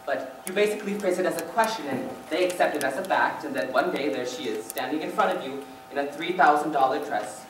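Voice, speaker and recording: A rueful male theater lover confides and rambles to the audience, played by a student on stage. He sounds distant in an echoing auditorium. Steady hiss sits under the voice. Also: medium pitch, fast talker, few pauses, close to an everyday voice. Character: wistful middle-aged male theater fan narrating. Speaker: student actor. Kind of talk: stage musical acting. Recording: echoey auditorium, distant mic, noisy.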